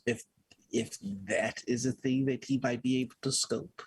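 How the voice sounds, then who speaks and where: A man playing a tabletop game who speaks in a halting, thoughtful way. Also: mid-range voice, flat delivery, breathy edge. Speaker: player.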